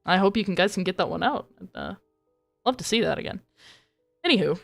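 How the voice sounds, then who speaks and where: A woman's voice: medium pitch, expressive, brisk, vocal fry, faint music behind. A woman voicing a cocky male villain who taunts and mocks a group of mercenaries with glib sarcasm. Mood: mocking.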